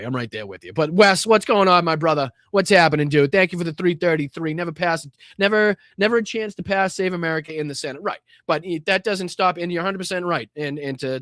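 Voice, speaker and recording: A man's voice: a little high, fairly bright tone, no room sound, clean studio sound. A middle-aged man with a Boston accent hosting a casual live stream, swearing freely, thanking viewers by name and stumbling through fillers and restarts. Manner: blunt and profane, thanks chatters by name, many fillers and restarts. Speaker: live-stream host reading viewer donations.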